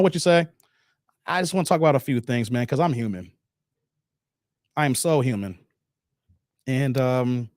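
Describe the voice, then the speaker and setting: Medium-pitched and a little mellow, this man hosts a casual live stream, reacting to videos and chat in a dry, studio-quality recording. Addressing his viewers directly in slang, he reads out their messages and drops "man" and "guys" into almost every sentence.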